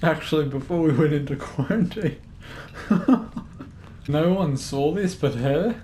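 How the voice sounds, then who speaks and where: Over a headset in game party chat, a young man with a fairly high but dark voice tells a rambling story slowly, laughing as he goes. A little hiss or hum sits under the audio.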